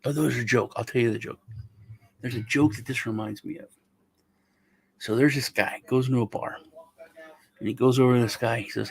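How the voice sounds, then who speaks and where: A man's voice: medium pitch, steady tone, normal speed, creaky, pauses often, breathy edge. A middle-aged man hosting a casual meme review, rambling and joking as he tells stories. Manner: rambling, joking, self-interrupting. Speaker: host.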